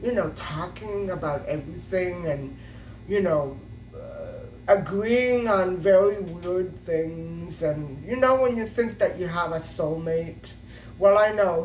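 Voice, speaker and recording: A middle-aged woman tells a long personal story to her channel, circling back with fillers and false starts. Her voice sits at an ordinary pitch and sounds roomy and set back from the microphone, with a faint hiss underneath. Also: darkish tone, distant mic. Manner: rambling, with many fillers and restarts. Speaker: vlogger. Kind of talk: casual storytime monologue.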